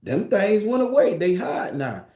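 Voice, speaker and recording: A man's voice: high voice, huge pitch swings, unhurried, warm tone. A man ranting casually to his viewers as a spiritual vlogger, profane, rambling and preachy. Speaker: spiritual tarot reader vlogger. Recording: roomy echo.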